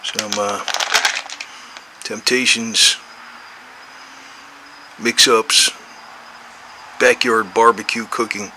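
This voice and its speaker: Older man in his 60s, low-pitched and very bright, meandering, profane cat-owner chatter. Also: steady tone, extremely slow, pauses often, slight background noise, rough recording. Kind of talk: rambling casual chat to his cats.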